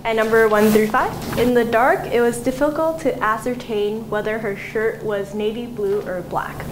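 A woman's voice: fairly high pitch, steady tone, moderate pace. A teenage girl giving a student presentation to her classmates, taking them through words and asking them to repeat after her. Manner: instructive, leads repeat-after-me drills. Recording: echoey classroom with noise.

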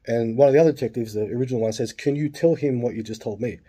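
A husky Australian man in his late forties spins a rambling story, with plenty of swearing and side remarks. His voice is very dark and mellow. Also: medium pitch, very fast. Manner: swears freely, lots of asides and fillers. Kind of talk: casual storytelling.

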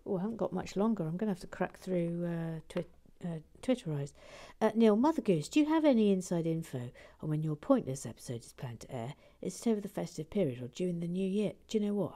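A woman hosting a livestream, chatting gently as she reads out viewer comments. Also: mid-range voice, animated, brisk, a little hiss or hum. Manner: gentle, warm-hearted and chatty. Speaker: livestream host building a brick set. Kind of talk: casual chat reading viewer comments.

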